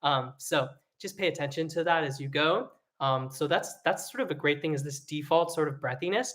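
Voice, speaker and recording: A singing teacher giving an online vocal lesson, explaining technique in a relaxed way with frequent fillers. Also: medium pitch, moderate pace.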